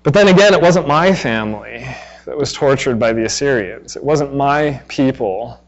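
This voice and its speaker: A man's voice: mid-range voice, animated, moderate pace, highs cut off. A man in his thirties preaching a sermon in a conversational way, acting out exasperated asides. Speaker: pastor.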